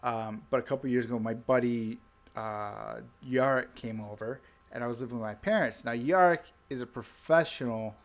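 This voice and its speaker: A man hosting a casual podcast, chatting in an ordinary middle-pitched voice. He rambles through stories, full of fillers, restarts and swearing, loose and unpolished. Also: normal speed, muffled recording. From Canada. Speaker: podcast host. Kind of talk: casual chat.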